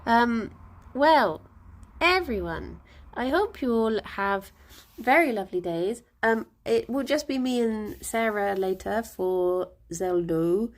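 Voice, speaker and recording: A woman's voice: fairly high pitch, lively intonation, slow pace. A young British woman chatting casually on a livestream from home, giggly and playful, cooing to her pet rabbits. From United Kingdom. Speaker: streamer. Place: home, indoors.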